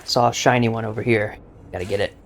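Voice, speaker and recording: A man's voice: lowish voice, fairly even intonation, fast, gravelly, slight background noise. A young man giving casual, joking gameplay commentary, boastful and rambling with lots of filler words. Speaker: gaming YouTuber.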